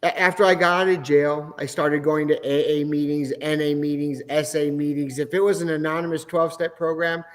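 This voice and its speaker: A man's voice: on the high side, flat delivery, fairly quick, few pauses. A middle-aged man, a podcast guest, telling his personal faith testimony in an earnest, emotional way. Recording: long hall reverb.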